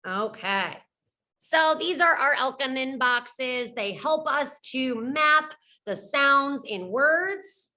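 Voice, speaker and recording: Young woman teacher, very slow, encouraging phonics delivery for young learners. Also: sits high, animated, pushed and bright. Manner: slow, encouraging, models sounds. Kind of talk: children's phonics lesson.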